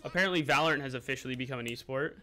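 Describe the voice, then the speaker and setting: A man's voice: mid-range voice, racing, pushed and bright. A young man streaming a game live, chatting casually and greeting viewers by name as he plays and eats. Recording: music playing underneath.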